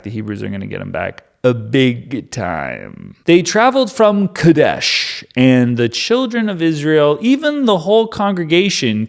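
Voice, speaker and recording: A man reading the Bible aloud and musing over it in casual commentary, wondering aloud and saying "like" a lot. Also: medium pitch. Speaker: Bible reader and host.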